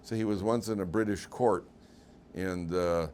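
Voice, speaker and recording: A man's voice: sits low, steady tone, unhurried, darkish tone, a little hiss or hum. A man teaching a weekly class as rabbi, speaking conversationally with humor and quizzing his students in a classroom. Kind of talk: informal lecture.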